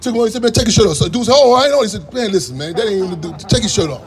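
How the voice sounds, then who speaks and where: A man's voice: sits high, expressive, very fast. A man giving a fiery, profane political talk to a crowd, telling rambling stories that draw call-and-response. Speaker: activist speaker.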